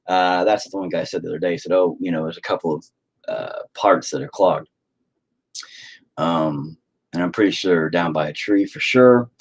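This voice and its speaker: A man's voice: low-pitched, husky. A man, a father, ranting profanely and rambling on a casual live stream, slipping into mock voices. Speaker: livestreamer and father.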